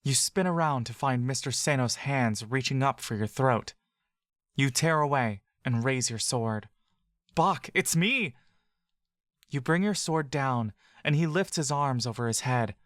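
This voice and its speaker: A man narrating a fantasy adventure story in the second person, in a calm, steady storytelling manner. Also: medium pitch, normal speed, no echo, studio quality.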